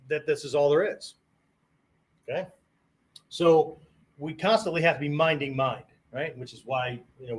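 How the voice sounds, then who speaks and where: A man teaches martial arts in a loose lecture style, and his voice sits a little above the usual male pitch. He keeps asking "right?" and "okay?" as he talks and now and then acts out different tones of voice. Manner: conversational, peppers sentences with "right?" and "okay?"; demonstrates tones of voice on quoted phrases.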